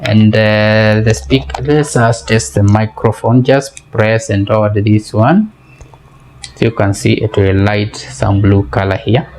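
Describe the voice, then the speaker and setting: A man's voice: on the low side, fairly even intonation, takes it slowly, darkish tone, slight background noise. A man giving a casual product demo and review, explaining step by step and often repeating words as he hesitates. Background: faint music playing.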